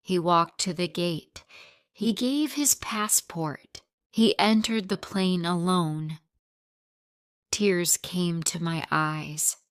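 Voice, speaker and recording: A woman narrating a simple audiobook story for English learners in short, steady, plain sentences. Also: lowish voice, slow pace, clear, resonant tone, no room sound, studio quality.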